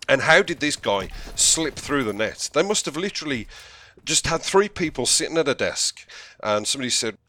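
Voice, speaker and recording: A man's voice: mid-range voice, very animated, normal speed, pushed and bright, dry recording. A man giving casual, mocking commentary as a gaming video host. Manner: mocking, chatty. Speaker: gaming YouTuber.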